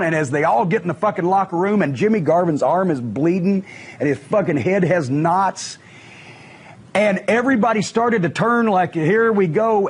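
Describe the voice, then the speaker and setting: Profane, high, husky-voiced storyteller man. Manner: profane, animated, acts out quotes. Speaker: wrestling manager telling stories. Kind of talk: casual storytelling on a podcast.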